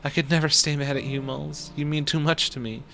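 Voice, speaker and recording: Man voicing a tearful, gentle schoolgirl. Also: on the high side, level tone, a little fast, gravelly, slight background noise, voice pushed up. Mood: tender. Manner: gentle, pleading, soft. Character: soft-spoken teenage girl, tearful best friend. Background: music.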